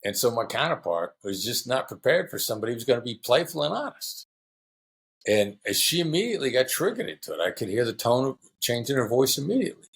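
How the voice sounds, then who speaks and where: A middle-aged man, a former hostage negotiator, answering interview questions in a relaxed storytelling way and acting out quoted voices. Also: medium pitch, quick pace, vocal fry, slightly rough.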